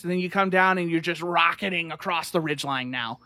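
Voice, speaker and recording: A man with a high, bright voice telling a story in casual chat, animated and peppered with "like". He often slips into acted-out voices, and the sound is close and dry. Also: brisk, no room sound. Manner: animated, fillers of "like", acts out voices.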